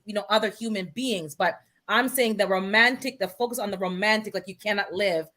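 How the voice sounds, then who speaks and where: A woman in a casual group chat, making her points in a deliberate, measured, calm way. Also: mid-range voice. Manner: deliberate, measured, argues calmly.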